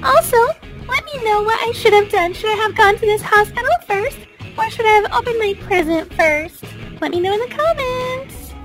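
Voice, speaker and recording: A woman with a very high voice hosts a toy video and talks playfully to kids at home. Faint music sits under her voice. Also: lively intonation, normal speed. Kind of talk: playing with toys and narrating.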